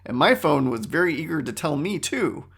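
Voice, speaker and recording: A middle-aged man hosting his own podcast, riffing in a wry, animated way and often stopping to restart his sentences. His voice sits slightly high for a man and sounds bright and forward. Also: normal speed, gravelly, husky. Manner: animated, wry, self-interrupting. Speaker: podcast host. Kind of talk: casual solo podcast talk.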